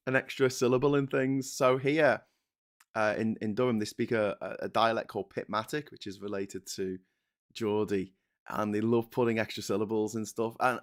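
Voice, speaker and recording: A man hosting a casual livestream from home, reading chat aloud and ranting sarcastically, laughing between lines. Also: medium pitch.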